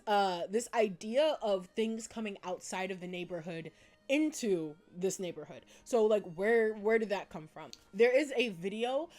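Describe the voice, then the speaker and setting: A woman's voice: mid-range voice, a little mellow. Giggly woman talking fan theories. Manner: bubbly, giggly, lots of fillers. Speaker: video essayist. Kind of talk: casual fan commentary.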